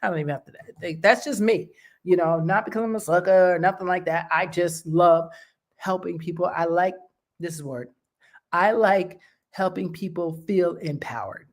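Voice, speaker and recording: A woman's voice: on the low side, normal speed. Encouraging woman talking straight to listeners. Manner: direct, encouraging, conversational with many fillers. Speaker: host. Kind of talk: casual motivational talk.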